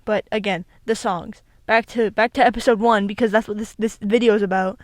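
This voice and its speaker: A woman's voice: medium pitch, steady tone, brisk, dry recording. A young woman chatting casually on her own into a desk microphone, rambling and giggling with many restarts. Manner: rambling, giggly, self-interrupting. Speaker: video creator. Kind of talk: casual solo commentary. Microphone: desk microphone with echo filter.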